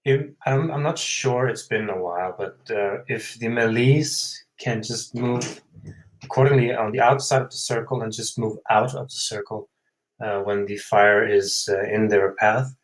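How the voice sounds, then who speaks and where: A man's voice: on the low side, unhurried. A man in a game voice chat, hesitant and unsure, full of fillers as he suggests positions. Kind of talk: casual voice chat strategy talk.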